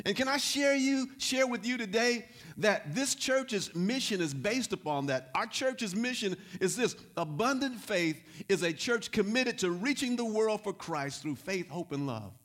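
High-voiced preaching pastor. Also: male voice. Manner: repetitive, rising to loud exhortation. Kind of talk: sermon.

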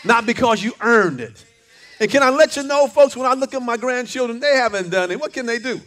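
A man's voice: very high-pitched, lively intonation, a little fast, fairly bright tone. An older man preaching a sermon, fervent, with call-and-response lines and repeated words. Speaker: pastor.

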